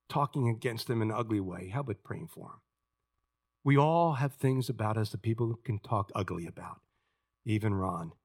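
A man's voice: lowish voice, normal speed, gravelly, breathy edge. An older man, a pastor, preaching a sermon in a conversational storytelling way, with frequent restarts. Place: church.

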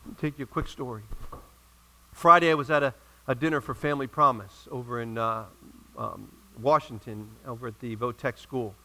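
A male pastor preaching a sermon in a church, telling a story and rising to loud emphatic peaks before dropping to quiet asides. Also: medium pitch, brisk, rough recording.

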